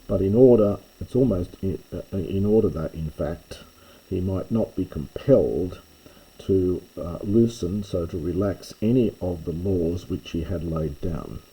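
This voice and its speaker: A man teaching, working through a Greek text line by line in a methodical way, often pausing to restate and correct himself. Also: low-pitched, mellow, slightly rough, low-quality recording.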